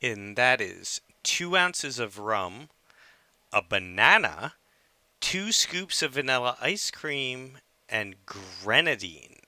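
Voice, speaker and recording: A man's voice: mid-range voice, slow pace, dry recording. A man co-hosting a podcast, chatting casually and filling his talk with "like". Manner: relaxed, chatty, leans on fillers like "like". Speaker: podcast co-host. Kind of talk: casual chat.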